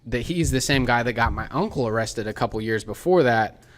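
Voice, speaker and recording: A man's voice: mid-range voice, a little fast. Young man telling a story animatedly. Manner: animated, acts out the voices of people in his story. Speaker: podcast co-host. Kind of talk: casual storytelling.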